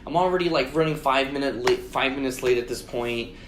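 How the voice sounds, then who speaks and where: A man's voice: medium pitch, fairly quick, background noise. Profane man telling a story in a roomy room. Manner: heavy swearing, acts out his own shouted lines. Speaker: podcast co-host. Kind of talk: casual storytelling chat. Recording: roomy echo.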